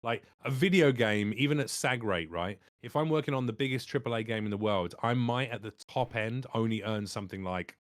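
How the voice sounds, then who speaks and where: A man's voice: mid-range voice, fairly quick, hardly any pauses, no room sound. Guy voice actor telling stories on a podcast, swears a lot, dry close mic. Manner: animated storyteller, swears freely. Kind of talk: casual chat.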